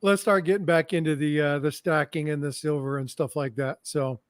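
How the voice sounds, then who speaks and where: A man's voice: a little high, steady tone, normal speed, clean tone, no room sound. A man hosting a casual live stream, laughing often and reading comments from the chat.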